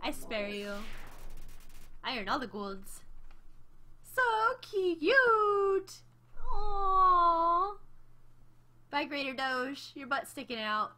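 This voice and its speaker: A woman's voice: fairly high pitch, measured pace, pushed and bright. A woman commenting as she plays a video game, reading its text aloud, giggling often and squealing with delight. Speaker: gamer playing a video game. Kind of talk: let's play commentary.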